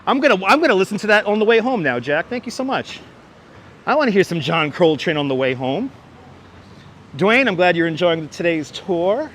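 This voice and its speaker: Brooklyn guy livestreaming a walk around the city, kinda high voice, chatty, faint traffic behind. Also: normal speed. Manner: chatty, animated, often thanking viewers by name. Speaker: livestream host. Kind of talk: walking tour livestream, chatting with viewers. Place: city streets outdoors. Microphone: wireless clip-on mic.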